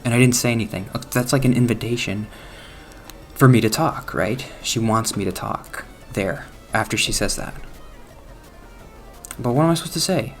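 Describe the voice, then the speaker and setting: A man's voice: medium pitch, moderate pace, soft background music. Awkward, self-mocking gaming vlogger man. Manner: awkward, self-deprecating, laughs at himself. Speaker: gaming channel host. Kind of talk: rambling casual commentary over gameplay.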